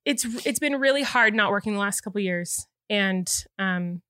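An expressive woman in her thirties with a medium-pitched, sharp-toned voice hosts a podcast at normal speed. In casual chat she rambles earnestly, teary and emotional, with frequent restarts. Recorded in an indoor podcast studio, the audio is studio quality with no room sound.

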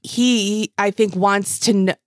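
A podcast co-host with a medium-pitched, steady voice speaks slowly while casually recapping a reality show. She's animated and swears, often trailing off mid-thought, and the studio sound is clean with no room echo.

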